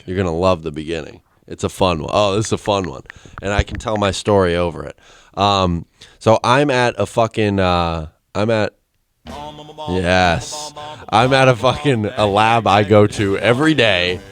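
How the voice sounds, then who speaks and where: A man's voice: low voice, normal speed. A young man co-hosting a podcast, telling a rambling story in casual chat, swearing and laughing often. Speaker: podcast co-host.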